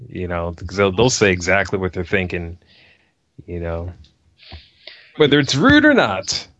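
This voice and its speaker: Lowish voiced guy cohosting, wry teasing, dry close sound. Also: very animated, unhurried, a bit bright, no echo, dull audio. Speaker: podcast co-host. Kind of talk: casual podcast chat.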